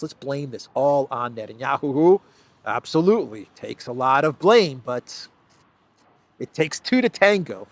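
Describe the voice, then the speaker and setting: A man's voice: mid-range voice, sing-song, a little slow. A man hosting a solo news commentary, talking in an emphatic, sarcastic way with frequent restarts. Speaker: political commentary host.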